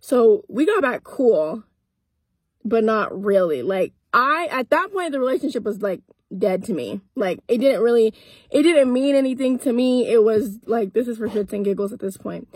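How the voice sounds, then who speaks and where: A young woman recounts a personal story from inside a parked car, blunt and profane, acting out the back-and-forth as she goes. Her voice sits a little high with a husky edge. The sound is dry and close, with no room echo. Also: normal speed. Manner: blunt, profane, animated retelling with quoted dialogue. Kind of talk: casual storytime vlog.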